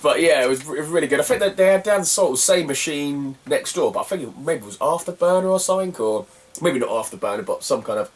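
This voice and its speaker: A man's voice: a little high, animated, quick pace, recorded from a distance. A young man, telling a rambling, slangy story as a retro gaming vlogger and laughing often between phrases. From Cornwall, England. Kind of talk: casual rambling anecdote.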